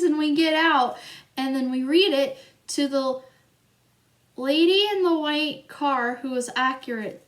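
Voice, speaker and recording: A young woman telling a story in a vlog, chatty and rambling, with frequent fillers and giggles. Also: sits high. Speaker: vlogger.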